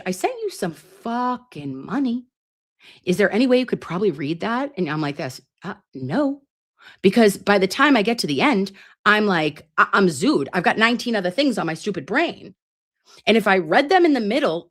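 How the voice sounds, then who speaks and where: A woman in her late thirties hosts a casual live stream with a low voice. She talks in a rambling, playful way and swears freely. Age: 30s. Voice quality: self-described grating voice. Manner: chatty, rambling, playful and crude. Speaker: livestream host. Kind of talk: casual livestream chat. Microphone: computer mic on a live stream.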